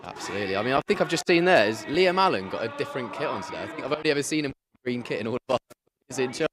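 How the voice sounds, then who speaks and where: A man's voice: medium pitch, rapid-fire, crowd noise. Man calling a club football match. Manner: reads lineups in a steady rhythm, chatty with co-commentator. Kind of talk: live football commentary. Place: outdoor football stadium. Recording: music clearly audible behind.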